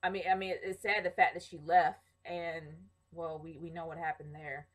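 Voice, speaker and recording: A woman's voice: low-pitched, little pitch movement, normal speed, poor audio. A woman in her thirties chatting casually to camera, answering viewer questions with opinions, many ums and small restarts. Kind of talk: casual chat.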